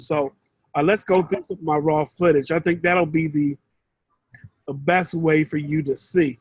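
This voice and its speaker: A man's voice: on the high side, fairly even intonation, a little slow, husky, no echo, low-quality recording. A man mentoring one student in a casual, rambling way over a video call, often restarting his sentences. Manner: rambling, conversational, with frequent restarts.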